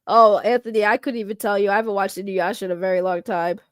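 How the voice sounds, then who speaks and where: A woman's voice: medium pitch, level tone, fast talker, dry recording, studio quality. A woman hosting a casual livestream, talking back to her chat and ranting with swearing and laughter. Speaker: livestream host.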